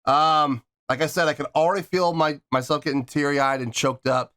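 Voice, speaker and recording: A man's voice: on the high side, fairly even intonation, normal speed, a bit bright. A man hosting a music reaction video, talking in an earnest, rambling way and repeating himself, choked up and teary. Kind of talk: casual reaction video talk.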